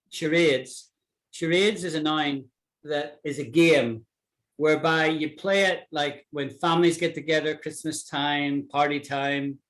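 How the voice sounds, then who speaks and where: A man's voice: fairly high pitch, fairly bright tone. A man from Britain teaching an online English lesson, patiently repeating words to show how they sound. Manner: patient, repeats words slowly to model pronunciation.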